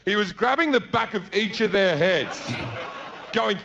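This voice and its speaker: An Australian stand-up comedian in his thirties tells a story on a theater stage before an audience, switching between narration and acted-out characters in quick bursts of shouting and muttering. His fairly high voice has lively intonation and vocal fry, and the slightly dull recording carries faint underlying noise.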